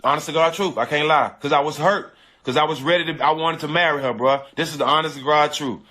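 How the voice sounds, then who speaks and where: Here the man's pitch sits fairly high, and he talks fast with a pushed, bright sound. As a guest, he earnestly relays a painful chapter of his life in casual, slang-heavy speech that circles back on itself.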